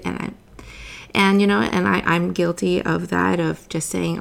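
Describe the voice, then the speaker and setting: A woman, a mother and former teacher, hosting a casual interview with lively talk, frequent laughs and restarts. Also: on the low side, a little slow, gravelly. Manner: animated, laughs often, many restarts. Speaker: podcast host.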